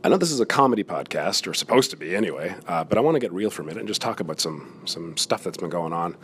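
A man's voice: sits low, animated, fast talker, fairly bright tone. A man hosting a comedy podcast, talking candidly and self-deprecatingly on his own from a gym's yoga room, swearing often. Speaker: podcast host. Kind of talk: casual confessional monologue.

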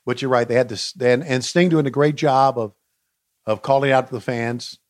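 A man with an Oklahoma accent co-hosting a wrestling podcast, calling the match play-by-play and getting excited. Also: medium pitch, normal speed. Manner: excitable play-by-play, shouting counts. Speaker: podcast co-host.

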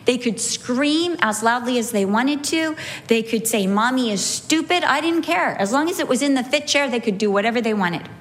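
Animated woman teaching a Bible lesson. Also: a little high. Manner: animated storyteller, slows for emphasis. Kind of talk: sermon teaching with anecdotes.

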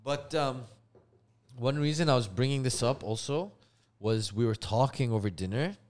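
Animated young man telling family stories. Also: medium pitch, moderate pace. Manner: animated storyteller, acts out family members' voices. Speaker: podcast co-host. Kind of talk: casual chat.

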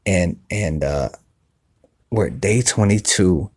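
Husky low-voiced man, soft motivational talk. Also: animated, takes it slowly, no echo, clean studio sound. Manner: earnest, repetitive, restarts often; speaking softly. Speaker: podcast host. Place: outdoor patio by a pool at night. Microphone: phone.

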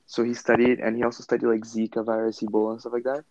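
Young male host, gravelly, rambling casual chat, dull call audio. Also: medium pitch, completely flat delivery, racing, a little mellow, no echo. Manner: slangy, rambling, lots of fillers.

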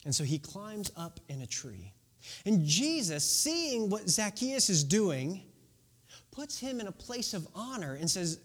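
A man's voice: high-pitched, big pitch swings, unhurried. A man preaching a casual, conversational sermon, retelling a Bible story and checking in with "right?". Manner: sings a children's song.

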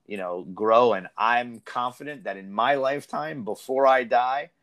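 A man hosting a casual podcast discussion about youth soccer, talking in an animated, rambling way with many restarts. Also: medium pitch, normal speed. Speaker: soccer coach and podcast host.

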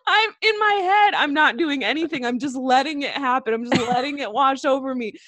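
Quick and a bit bright, her high voice carries giggly, profanity-laced stories as she co-hosts a casual podcast. The young woman dips into a lower register when quoting other people.

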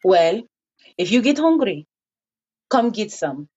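Audiobook character: woman playing a grandmotherly older neighbor, coaxing and lively in pitch, husky tone. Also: slow pace, heavily acted. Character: older Mexican woman neighbor, motherly grandmother who feeds people. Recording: dull lo-fi recording.

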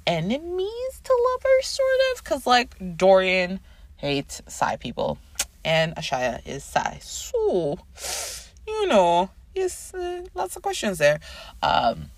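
Woman, thirties, podcast host; chatty and sidetracked, very lively pitch, dry close sound. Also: takes it slowly, no room sound. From Canada. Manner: chatty, animated, swearing and sidetracked. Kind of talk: casual chat.

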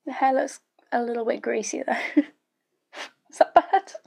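A woman's voice: high-pitched, a little slow, vocal fry, darkish tone, slightly rough. A young woman giving casual, blunt, sweary reaction commentary while watching a show. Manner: blunt, sweary, chatty asides. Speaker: YouTube reaction host.

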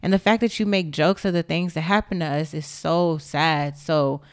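A woman's voice: low voice, fairly even intonation, moderate pace, clear, resonant tone, no echo, clean studio sound. A young woman giving an impassioned, indignant monologue straight to the camera, blunt and emphatic, with swearing.

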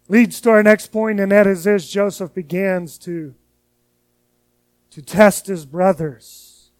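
Brief: male pastor with a very high voice, earnest conversational sermon, dry close sound. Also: dry recording. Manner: earnest, conversational preaching with repeated words.

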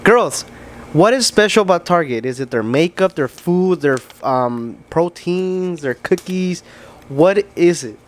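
A young man co-hosting a podcast jokes, swears, and asks questions in casual chat. His voice is high and animated, with a slightly slow pace.

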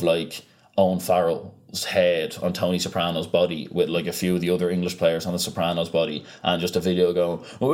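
A young man chatting casually on a podcast, ranting with animated energy and free swearing. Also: low voice. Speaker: podcast co-host. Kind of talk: casual chat.

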